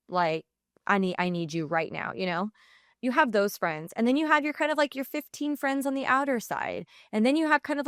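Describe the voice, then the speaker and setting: A woman's voice: mid-range voice, a bit bright, no echo, clean studio sound. A woman in her thirties hosting a podcast solo, chatting casually and earnestly as she gives life advice, filling her talk with "like" and "you know.". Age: 30s. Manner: earnest, reflective advice-giving. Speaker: podcast host.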